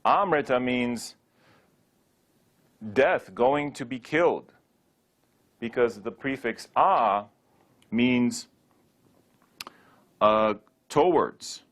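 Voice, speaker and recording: A man giving a Sanskrit pronunciation lesson, drilling words slowly and repeating them, with playful rhetorical questions. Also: medium pitch, fairly bright tone. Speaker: Sanskrit teacher.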